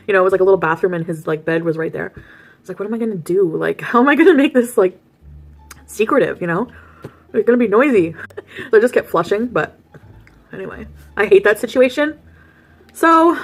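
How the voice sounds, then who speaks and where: Woman, casual storytime vlog, chatty, laughs often, eating between sentences, recorded in a parked car, mid-pitched voice. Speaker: vlogger.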